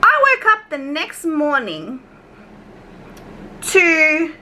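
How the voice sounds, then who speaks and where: A woman's voice: high-pitched, huge pitch swings, extremely slow, bright, forceful tone, a little hiss or hum, poor audio. A young Australian woman telling a storytime rant in a casual, chatty way, swearing, wandering off on tangents and acting out her conversations. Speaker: YouTube commentary vlogger.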